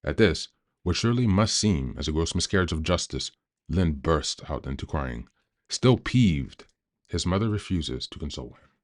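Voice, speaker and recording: Brief: male podcast host, extremely low bass voice, calm measured book reading.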